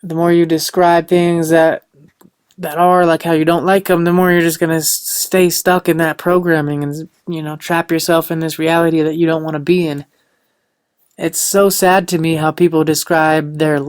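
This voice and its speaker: A man's voice: fairly high pitch, clear, resonant tone, no echo, clean studio sound. A young man hosting a podcast, giving an earnest, upbeat motivational monologue full of "like" and "you know.". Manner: loose and rambling, with lots of "like" and "you know". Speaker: podcast host.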